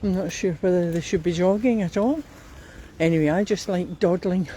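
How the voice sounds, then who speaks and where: A woman with a Scottish accent chatting while out walking in a riverside park, unhurried and a little out of breath. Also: on the low side, dark tone, a little hiss or hum, poor audio. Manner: chatty, unhurried, talks to her dogs. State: slightly out of breath. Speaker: vlogger. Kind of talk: casual walking commentary.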